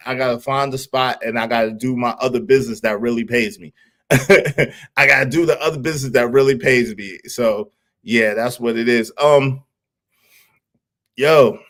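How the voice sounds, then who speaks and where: A man hosting a live stream in casual chat, talking animatedly, teasing the viewers and laughing often. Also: medium pitch. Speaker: livestream host.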